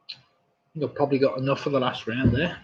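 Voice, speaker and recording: A man's voice: medium pitch, fairly even intonation, a little fast. A man hosting a live pub quiz, reading questions with chatty, jokey asides. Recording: dull lo-fi stream audio.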